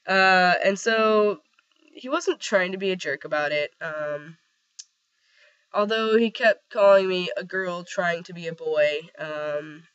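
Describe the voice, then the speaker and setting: A young man with a voice roughened by a cold, rambling casually with lots of fillers in a personal video diary. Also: sits high, slow pace, fairly bright tone. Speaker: vlogger. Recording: slightly dull lo-fi sound.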